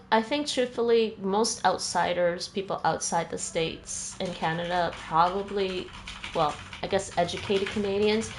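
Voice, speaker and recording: A woman's voice: mid-range voice, slight background noise. A woman streaming a video game, chatting casually with her viewers and laughing often. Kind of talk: casual chat while gaming.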